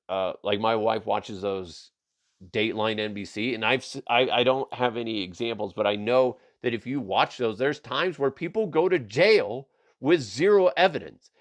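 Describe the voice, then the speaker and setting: Guy doing a swear-heavy comedy podcast, just riffing on weird news and laughing at himself. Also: medium pitch. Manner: profane, laughing, riffs into silly voices. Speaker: podcast host. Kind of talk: casual comedic news chat.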